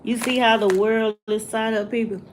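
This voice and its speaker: A woman, talking to her livestream viewers in a slow, preachy way and asking the same rhetorical questions over and over. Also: fairly high pitch, flat delivery, a little hiss or hum. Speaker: vlogger. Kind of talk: casual livestream rant.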